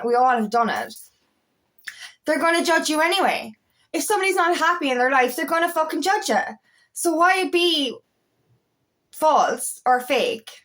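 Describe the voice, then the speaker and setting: A woman coach talking through self-love in a casual, heartfelt monologue, swearing freely and repeating words as she searches for them. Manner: swings between high fervent peaks and low quiet asides.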